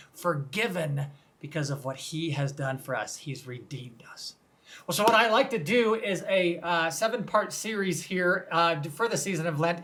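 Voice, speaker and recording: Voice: mid-range voice, sharp tone. A pastor giving a conversational Lenten sermon, retelling scripture scenes vividly and inviting listeners to picture them.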